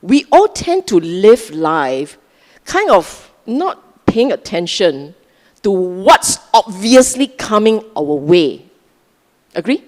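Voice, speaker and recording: A woman's voice: medium pitch, sing-song, takes it slowly, a little mellow, big-room sound. A woman with a Singaporean English accent gives a Sunday dharma talk to a live audience in a chatty, teasing way, often checking in with her listeners. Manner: conversational, teasing, asks the audience questions. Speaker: Buddhist dharma speaker. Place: large hall with a live audience.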